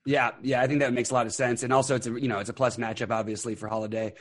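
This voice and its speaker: A man's voice: mid-range voice, little pitch movement, no echo. A man hosting a fantasy sports podcast over an internet call, upbeat and full of fillers. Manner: quick, upbeat, many fillers. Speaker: podcast host.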